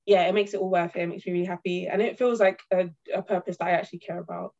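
A woman, a community group organizer talking in a casual podcast chat, animated and peppered with "like". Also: fairly low pitch, very fast, creaky. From London. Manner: animated, heavy use of "like". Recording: muffled lo-fi sound.

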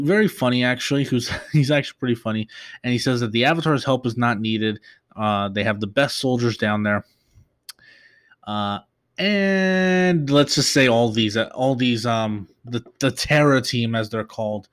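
A man hosting a podcast, recapping an episode in a casual, halting way with lots of fillers and restarts. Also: medium pitch, fairly bright tone. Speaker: podcast host.

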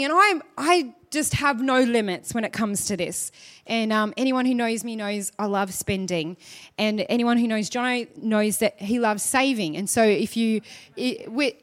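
Lively woman preaching a chatty sermon. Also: fairly high pitch. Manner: chatty storytelling with rhetorical questions. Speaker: pastor.

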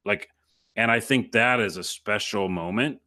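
A man hosting a casual conversation, animated and playful. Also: lowish voice, a little slow.

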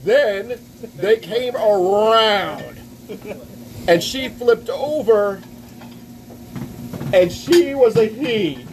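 A man's voice: high voice, expressive, very slow, pauses often, crowd noise, rough recording. A man hosting a podcast live at a restaurant, telling crude rambling stories with lots of "right?" between lines. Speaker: podcast host. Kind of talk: casual crude podcast banter.

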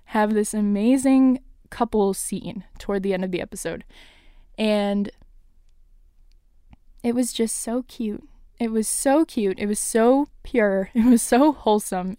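A woman's voice: a little high, warm tone, smooth, dry recording, clean studio sound. A young woman casually recapping a TV episode, gushing and laughing often, with lots of fillers. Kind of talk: casual solo recap chat.

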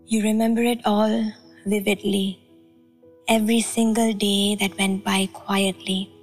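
A young woman from India reading her own spoken-word poetry in a rhythmic, deliberate, wry way, with soft music behind her. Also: medium pitch, little pitch movement, husky. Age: young adult. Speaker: poet and podcast host.

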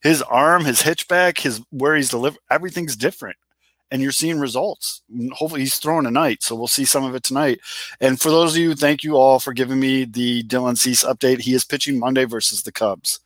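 A man's voice: mid-range voice, fairly quick, a bit bright, no echo. A chatty man talking sports, dry sound. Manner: conversational, rambling with restarts and swearing. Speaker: podcast co-host. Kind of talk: casual sports talk.

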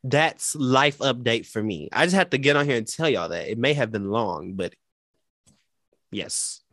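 A man co-hosting a casual talk show, telling a personal story in a dramatic, animated way and quoting the people in it. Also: medium pitch, unhurried, dry recording, clean studio sound. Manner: animated, dramatic retelling with quoted voices. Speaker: podcast co-host.

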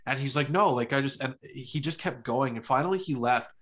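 This young adult man speaks in a mid-pitched voice, laid-back and profane as he recounts a story. He talks casually and tosses in short agreeing interjections. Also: brisk, a bit bright. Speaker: podcast co-host.

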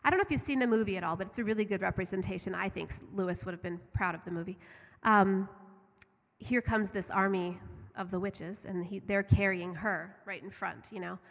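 A woman's voice: medium pitch, fairly quick, gravelly. A middle-aged woman telling a story in a conversational sermon, earnest and fervent. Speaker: church speaker. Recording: long hall reverb.

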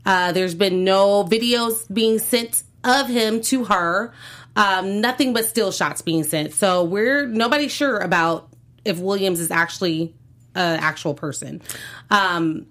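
A woman's voice: mid-range voice, unhurried, a bit bright. A woman co-hosting a casual entertainment news show, chatty and loose, often laughing along. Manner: chatty, hedging with fillers and laughs. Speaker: co-host.

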